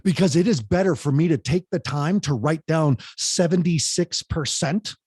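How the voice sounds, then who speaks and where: Fast-talking husky-voiced man giving speaking tips. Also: fairly high pitch, no room sound, clean studio sound. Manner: talks fast and keeps the pace up; animated, speaks directly to the host by name. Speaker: podcast guest, public speaking coach. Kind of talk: energetic advice on public speaking.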